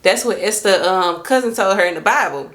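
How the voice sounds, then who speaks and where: A young woman talking casually to her camera about faith and self-love, lively and expressive, jumping up in pitch when she quotes herself. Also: fairly quick.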